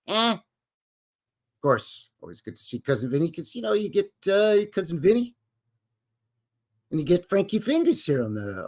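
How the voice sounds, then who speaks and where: A man's voice: high voice, big pitch swings, moderate pace, pauses often. A man with a Canadian accent hosting a live stream, greeting his chat in a jokey, folksy way. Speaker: livestream host.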